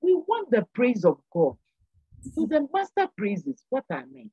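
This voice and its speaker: A woman's voice: on the high side, huge pitch swings, measured pace, mellow, husky, no room sound, muffled recording. An older woman speaking as a guest on a church program, giving an earnest, sermon-like exhortation and repeating phrases for emphasis. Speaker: panel guest.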